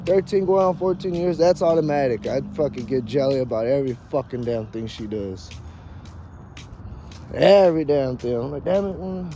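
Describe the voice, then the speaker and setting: A man's voice: medium pitch, moderate pace, warm tone, highs cut off, a little hiss or hum. A man talking in a casual, profane, rambling vlog monologue, emphatic and dramatic with joking asides, recorded outdoors. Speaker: vlogger.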